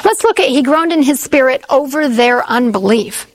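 High-voiced woman preaching a sermon. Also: animated, normal speed, poor audio. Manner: earnest storytelling with repeated phrases.

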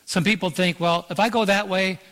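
The long echo of a church auditorium surrounds this pastor, a man with a somewhat high, fairly bright voice. He speaks fairly quickly with fairly even intonation, yet preaches emphatically, drawing out verses and asking for "Amen".

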